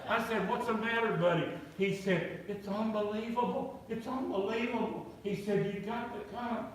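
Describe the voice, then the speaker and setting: A man's voice: high-pitched, moderate pace, few pauses. A man preaching at a revival, telling stories and acting out the people in them. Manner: animated storyteller, acting out quoted voices. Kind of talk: revival sermon storytelling. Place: large church sanctuary. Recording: echoey church, voice from far off.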